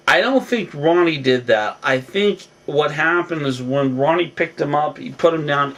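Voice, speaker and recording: A man's voice: medium pitch, gravelly, fairly bright tone. A man vlogging a casual, rambling recap of a reality show episode, full of fillers and restarts. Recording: voice a bit distant from the mic.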